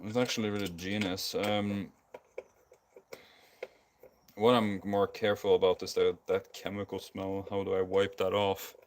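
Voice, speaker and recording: A man's voice: low-pitched, little pitch movement, a little slow, pauses often, slight background noise. A tired man with a Scandinavian accent, rambling casually with many ums and restarts while building a guitar live. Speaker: streamer. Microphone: basic non-professional mic.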